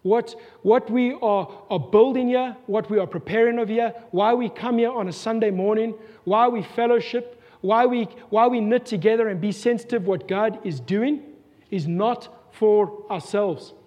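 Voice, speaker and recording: High-voiced South African pastor preaching. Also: male voice, normal speed, muffled recording. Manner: earnest, rhetorical questions, repeats himself. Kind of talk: sermon. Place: church hall. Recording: long reverb of a church hall.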